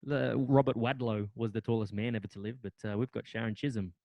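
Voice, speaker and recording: A man's voice: medium pitch, steady tone, brisk, gravelly, darkish tone, no echo. Playful young man. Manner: joking and playful. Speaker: podcast co-host. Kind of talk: casual chat.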